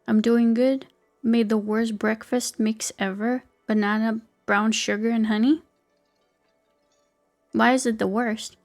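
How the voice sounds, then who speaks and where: A woman's voice: fairly high pitch, fairly even intonation, a little slow, a little mellow, faint music behind. A young woman streaming a game live, chatting playfully with viewers and swearing casually.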